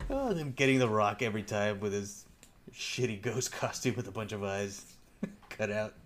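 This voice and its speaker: A man chatting on a podcast with friends, full of laughter. He talks in an animated way and swears freely without a second thought. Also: on the low side, a little slow, long pauses. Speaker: podcast co-host. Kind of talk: casual chat.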